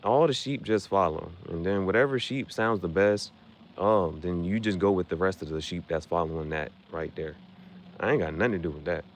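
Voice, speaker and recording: A man's voice: low-pitched, brisk, slight background noise. A man chatting casually on a livestream about his shirt designs, rambling and slangy, jumping between topics. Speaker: streamer designing merch shirts.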